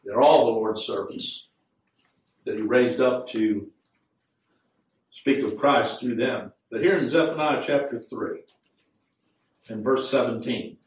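A man preaching a sermon in an earnest voice that climbs into fervent emphasis. He slows right down to read scripture aloud. The recording is roomy and echoing, with the speaker standing well back from the microphone, as in a church sanctuary. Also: medium pitch. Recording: echoey room, mic at a distance.

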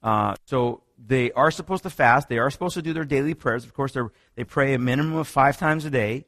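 A man preaching in a sermon-style teaching talk, with a middle-pitched voice. He tells stories with rising energy and often restarts his sentences. The sound is dry and close, with no room echo. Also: a little fast. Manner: animated storytelling, many restarts, rising pitch when excited. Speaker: preacher teaching on another religion.

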